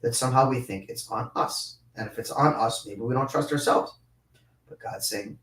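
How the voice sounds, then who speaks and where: A man teaching a live-streamed Torah class, reading Hebrew passages and explaining them in English with lively, repeated restarts. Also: mid-range voice, normal speed, roomy sound, recorded from a distance. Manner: animated, with many repeated restarts.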